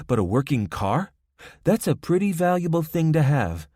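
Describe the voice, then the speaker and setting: A teasing, self-assured young woman with a soft Spanish accent guards a roadblock, as a male narrator puts her on. Her voice sits well above his own deep tone and has a playful edge. It is recorded close and dry. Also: big pitch swings, normal speed, breathy edge, no echo. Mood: hard. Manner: mocking, playful, giggly. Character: young woman, armed roadblock gang member, teasing and confident. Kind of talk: audiobook character voice.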